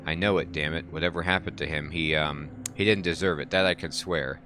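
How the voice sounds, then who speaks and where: A man reading the part of a grieving, worn-out man who drinks and wants the truth about his dead brother, in halting, emotional dialogue. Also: very deep voice, fairly even intonation, sharp tone, a little hiss or hum. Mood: bitter.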